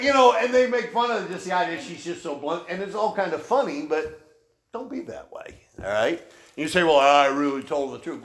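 Conversational pastor in an echoey room. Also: male voice, fairly high pitch, a bit bright. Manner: conversational, folksy, answers questions from the room. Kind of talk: informal Bible teaching. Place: church room. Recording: echoey room, faint noise.

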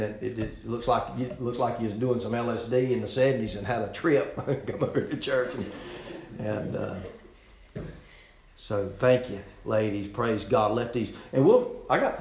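A middle-aged man preaching a folksy sermon in a church, swinging from loud exclamations to soft asides. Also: mid-range voice. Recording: echoey church room.

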